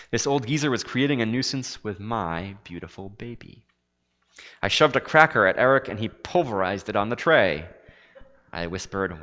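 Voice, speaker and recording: In a dull, lo-fi recording with long reverb, a man on the low side reads a first-person tale aloud. His delivery is expressive and dramatic, broken up by soft, hushed asides.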